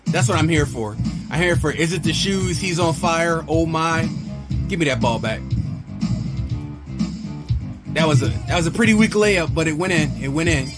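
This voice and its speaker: A man's voice: a little high, moderate pace, pauses often, over loud music. A man hosting his gaming channel, chatting casually in slang and cheering himself on while he plays. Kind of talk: casual gameplay commentary.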